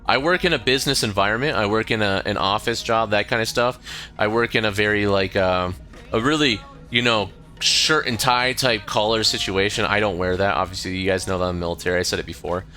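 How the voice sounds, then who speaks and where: A man's voice: lowish voice, normal speed, bright, forceful tone, soft background music. An American man in his thirties, chatting on a stream, rambling with lots of fillers and swearing freely. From United States. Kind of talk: casual stream chat.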